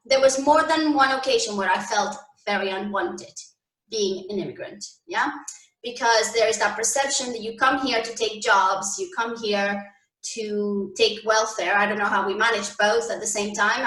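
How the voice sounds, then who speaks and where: A woman's voice: mid-range voice, unhurried, fairly bright tone, far from the mic. A young woman from Canada, speaking as a guest in an interview, thoughtful and hesitant, with fillers and restarts. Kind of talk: conversational interview. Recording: echoey room, a bit off-mic.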